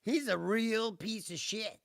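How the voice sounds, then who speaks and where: A man's voice: sits high, measured pace, vocal fry, fairly bright tone, no room sound, studio quality. A man hosting a livestream, ranting casually with profanity and frequent laughter, mocking people in impressions. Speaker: livestream host. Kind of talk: casual ranting political monologue.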